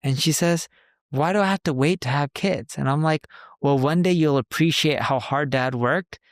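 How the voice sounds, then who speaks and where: A man's voice: on the high side, normal speed, no echo, clean studio sound. Man in his forties telling a story. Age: 40s. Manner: storytelling, quoting others in conversation. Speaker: podcast co-host. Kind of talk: casual chat.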